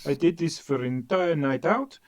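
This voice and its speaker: A man's voice: a little high, lively intonation, normal speed. An upbeat man in his thirties with an Essex accent, chatting casually before an online game session and telling stories. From England. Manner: upbeat, storytelling, does voices. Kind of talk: casual pre-game chat.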